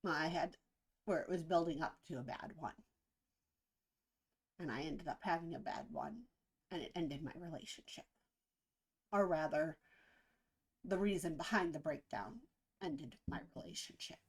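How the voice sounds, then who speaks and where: Husky-voiced woman musing earnestly. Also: deep voice. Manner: earnest, reflective, halting with pauses. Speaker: reaction video host. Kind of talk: casual spoken reaction commentary.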